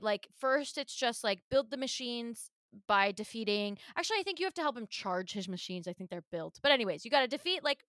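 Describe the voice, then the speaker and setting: A woman co-hosting a casual podcast, retelling a game event in an animated way and laughing often. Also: medium pitch, no room sound, studio quality. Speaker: podcast co-host. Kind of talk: casual podcast chat about a video game.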